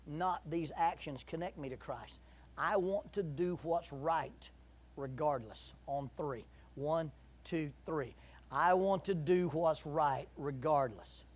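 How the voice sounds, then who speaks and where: Emphatic middle-aged male preacher with a high, light voice; sermon in a church, repeats his key lines for effect. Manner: emphatic, repeats key phrases, leads congregation in call-and-response.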